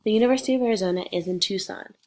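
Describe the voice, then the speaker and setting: A woman teacher talks through a recorded lesson, steady and patient in how she explains things. She has a cold, and a slight sniffle comes through her voice. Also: medium pitch, very fast. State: sick with sniffles. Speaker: Spanish teacher. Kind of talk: recorded lecture.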